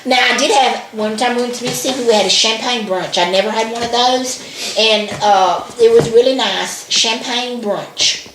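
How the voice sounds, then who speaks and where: A woman from Alabama with a Southern accent and an animated, chatty manner, laughing often as she co-hosts a casual chat. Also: a little high, normal speed, reverberant, a little hiss or hum. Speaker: co-host.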